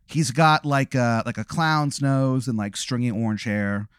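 A man's voice: medium pitch, fairly even intonation, measured pace, a bit bright, smooth, dry recording, clean studio sound. A man hosting and telling a vivid, profane, rambling hypothetical story to his guest. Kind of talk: improvised second-person storytelling.

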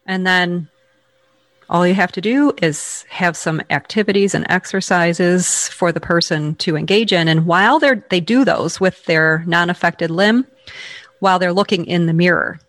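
A rehabilitation expert explaining a treatment step by step in conversation, with quick small restarts. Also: mid-range voice, fairly bright tone, dry recording.

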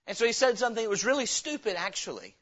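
A man preaching a sermon as pastor, reading scripture slowly and breaking into sudden loud, emphatic bursts. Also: high-pitched, animated, dull audio.

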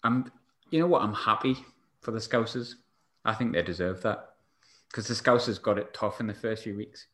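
A man's voice: fairly low pitch, moderate pace, a bit bright, roomy sound. A man hosting a casual football chat, chatty and jokey, asking lots of questions.

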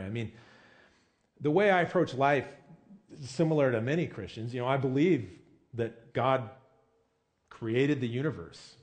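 A man delivers a sermon with a lively, swinging pitch. He talks like he is chatting with friends, with plenty of "I mean" and "you know". He keeps asking his listeners rhetorical questions. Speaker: pastor.

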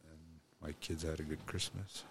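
Deep-voiced man telling a halting story. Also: little pitch movement, a little hiss or hum. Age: adult parent. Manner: rambling, halting with restarts; speaks of God and blessing. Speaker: guest. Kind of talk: personal storytelling.

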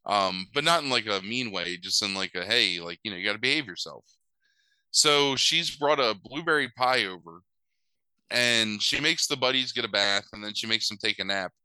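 A man's voice: on the low side, expressive, normal speed, bright, forceful tone, clean tone, no echo, poor audio. A young man casually recapping a movie plot, rambling with lots of fillers and wry asides.

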